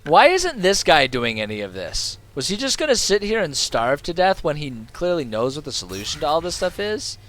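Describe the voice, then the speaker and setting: A man's voice: fairly high pitch, big pitch swings, moderate pace, hardly any pauses, fairly bright tone, slight background noise. A male streamer giving casual, sarcastic commentary while playing, heckling the characters. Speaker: game streamer. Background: faint game music.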